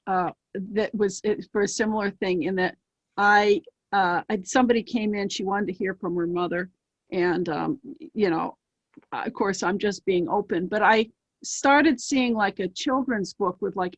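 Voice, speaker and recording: A woman's voice: medium pitch, no room sound. Thoughtful older woman, dry sound. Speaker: guest medium. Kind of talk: casual interview chat.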